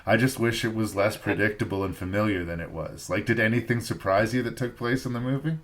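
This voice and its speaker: A man from Canada hosting a podcast, giving a thoughtful, measured film review in casual chat and repeating phrases for emphasis. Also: lowish voice. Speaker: podcast host.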